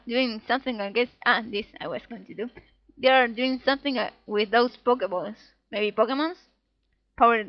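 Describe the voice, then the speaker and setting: A woman's voice: a little high, no echo. Woman gamer narrating gameplay playfully. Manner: playful, giggly, reads game text in little voices. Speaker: let's play gamer. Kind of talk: casual gameplay commentary reading dialogue aloud. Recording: dull, dry home recording.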